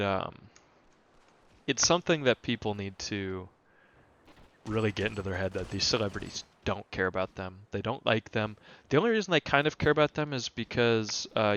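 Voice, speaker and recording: A man's voice: on the low side, a bit bright, dull audio. A young man hosting a casual monologue podcast, ranting in an exasperated, rambling way with many fillers and restarts. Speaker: podcast host.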